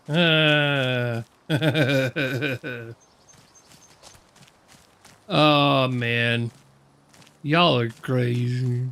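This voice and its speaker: A man's voice: mid-range voice, steady tone, drawn-out words, long pauses, sharp tone. A middle-aged American man hosting a livestream, ranting and swearing at his chat in casual, laughing banter. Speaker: livestream host.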